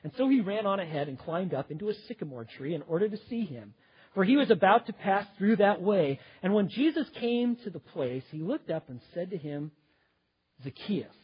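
Husky-voiced man preaching with shifting intensity. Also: sits high, lively intonation, fairly quick, muffled recording. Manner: dynamic preaching, swings between loud emphasis and quiet intensity. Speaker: pastor. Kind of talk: sermon.

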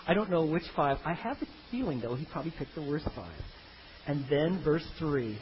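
A man delivers a sermon with a bright, high voice that swings widely as he jokes through the story. The recording is dull and lo-fi, with a faint hiss underneath. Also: normal speed. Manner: animated, comic, acts out biblical characters in funny voices. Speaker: pastor.

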